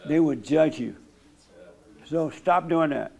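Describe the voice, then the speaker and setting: A man's voice: a little high, creaky, a little mellow. Blunt, plain-spoken male church host. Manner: slow, soothing instructions during meditation. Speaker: host leading a church meeting. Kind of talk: counseling talk and guided silent prayer.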